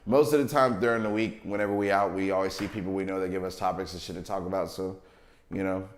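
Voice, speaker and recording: A man's voice: deep voice, steady tone, quick pace. A man co-hosting a livestreamed podcast, chatting casually with slangy banter and frequent laughter. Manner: laid-back slangy banter, laughs often. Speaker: podcast co-host. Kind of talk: casual chat. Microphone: livestream mic. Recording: echoey room.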